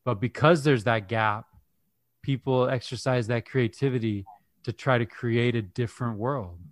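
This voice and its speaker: A man hosts a podcast interview, asking reflective questions and often restarting his words as he thinks. His voice sits in the mid-range at a moderate pace, with clean studio sound and no room sound.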